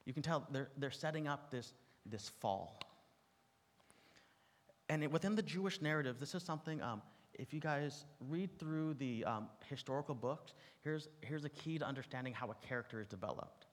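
A man's voice: medium pitch, lively intonation, moderate pace. Male preacher in a reverberant hall. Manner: conversational teaching with asides and humor. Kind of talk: sermon. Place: large room with an audience. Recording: long reverb from a large hall.

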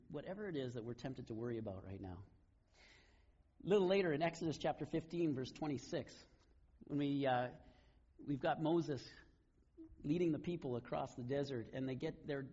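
Husky male pastor, casual preaching. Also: mid-range voice, warm tone, muffled recording. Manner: conversational storytelling, casual paraphrase of scripture. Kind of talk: sermon.

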